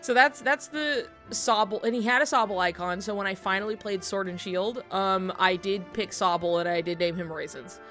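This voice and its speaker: A woman's voice: mid-range voice, moderate pace, hardly any pauses, fairly bright tone, soft background music. A woman streaming at home while drawing, telling a long story to her chat in a rambling, casual way with lots of fillers and laughing asides.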